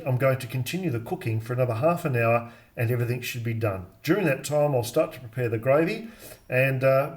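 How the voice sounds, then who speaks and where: A man giving a calm, step-by-step cooking demonstration in his home kitchen, explaining as he goes with frequent pauses and fillers. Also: medium pitch. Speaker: home cook demonstrating a recipe.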